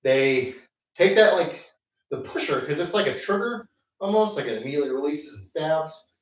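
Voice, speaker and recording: Between sets at the gym, a man hosting tells a rambling, self-mocking story full of fillers in casual chat. His voice is on the high side and expressive at normal speed, recorded in an echoey room with the mic at a distance.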